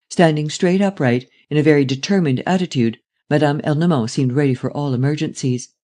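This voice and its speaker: A man narrating a classic novel audiobook in a steady, measured way. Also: fairly high pitch.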